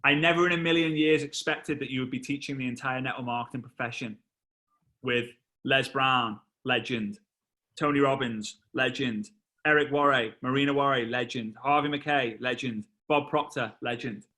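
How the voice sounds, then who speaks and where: Animated man telling a story on stage. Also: medium pitch, normal speed. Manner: animated, acts out voices and sound effects. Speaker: motivational speaker.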